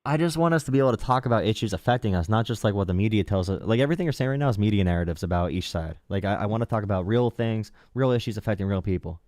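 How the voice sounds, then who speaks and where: Young guy hosting a call-in debate, low-ish voice, talks quick, dry close mic, calm and teasing, lots of ums. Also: dry recording. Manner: calm, mocking, filler-heavy. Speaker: host. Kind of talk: live call-in political debate.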